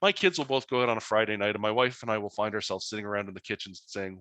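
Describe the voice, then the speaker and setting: A man's voice: on the low side, very fast, clear, resonant tone, no room sound. A man, a financial educator telling anecdotes in an online webinar presentation. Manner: animated anecdotal storytelling.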